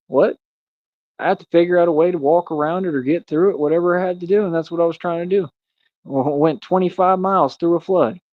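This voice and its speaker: A man's voice: on the high side, no room sound. A young man rambling in a casual livestream, preachy and repetitive, calling the listener "man" and "bro". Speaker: streamer. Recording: dull, dry lo-fi stream audio.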